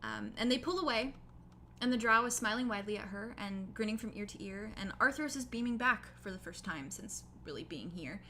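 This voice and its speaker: A woman's voice: medium pitch, expressive, fairly quick, sharp tone, a little hiss or hum. A young woman narrating a tabletop game as game master, casual, with lots of fillers.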